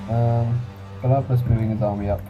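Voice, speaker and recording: A man's voice: mid-range voice, fairly even intonation, brisk, muffled recording. A man giving casual commentary on a strategy game battle, rambling and correcting himself as he thinks aloud. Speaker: gameplay reviewer and commentator. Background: music.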